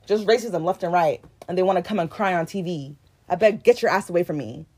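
Young woman podcast cohost, fired up and ranting, kinda husky voice. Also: lowish voice, a little fast. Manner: heated, indignant and animated. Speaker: podcast co-host. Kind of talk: casual chat.

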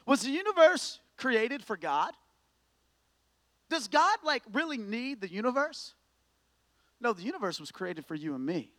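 A man preaching a sermon, telling a story with lively swings from hushed to loud, emphatic repetition. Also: sits high, normal speed, pauses often, dry recording. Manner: repeats words when starting sentences. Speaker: pastor.

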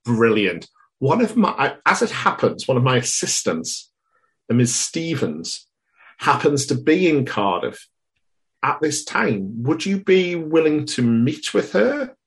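A man's voice: mid-range voice, very animated, takes it slowly, a bit bright, exaggerated voice. A man playing a fussy Cambridge professor on a phone call, rambling and hesitant with a pompous edge.

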